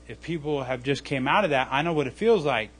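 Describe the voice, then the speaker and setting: A man's voice: medium pitch, fairly quick, husky. A man pastor teaching in a live church service, acting out little scenes and checking in with the listeners by asking "okay?" again and again. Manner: animated, acts out scenes, asks "okay?" often.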